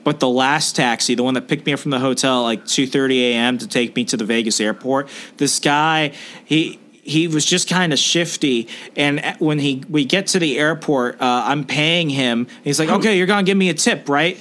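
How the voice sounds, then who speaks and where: A young man telling a story in a casual podcast chat, animated and quick to act out the people he quotes. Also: medium pitch. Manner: animated, acts out quoted people in put-on voices. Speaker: podcast co-host.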